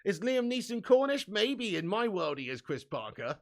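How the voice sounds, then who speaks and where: A man's voice: sits high, very animated, normal speed. A man hosting a casual fan live stream, chatty and laughing often, swearing freely and reading viewer comments aloud.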